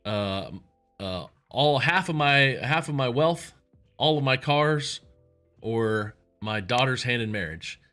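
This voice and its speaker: A man voicing a rich, boastful Texan party host who talks loudly and stammers with excitement. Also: mid-range voice, takes it slowly, soft background music. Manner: loud, exclamatory, stammering with excitement.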